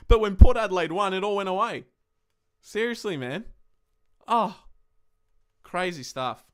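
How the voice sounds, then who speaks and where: A young man hosting a live-stream football review, talking in an excitable, emotional way and swearing often. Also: on the high side. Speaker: podcast host.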